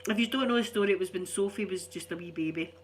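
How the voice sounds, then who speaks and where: A middle-aged Scottish woman, ill and congested, telling stories in an animated, chatty way. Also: mid-range voice, fast talker, a little hiss or hum. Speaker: vlogger. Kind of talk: casual storytelling chat.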